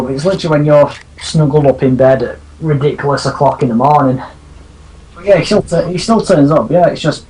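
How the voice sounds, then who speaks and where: A man's voice: on the high side, darkish tone, slight background noise, poor audio. A man hosting a livestream, chatting casually and rambling over gameplay. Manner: chatty, rambling, laughs often. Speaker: streamer host.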